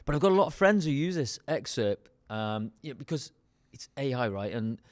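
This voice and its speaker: A man co-hosting a casual podcast, talking fast as he steers the conversation along. His pitch sits in the middle range. The sound is close and dry, and the delivery stays quick and chatty throughout. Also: very animated, no room sound. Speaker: podcast co-host.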